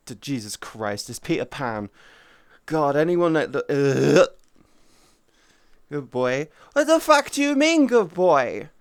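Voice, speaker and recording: A woman in her early thirties streaming casual chat with viewers, playful and teasing, jumping from high squeals to low mutters. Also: no room sound. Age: 30s.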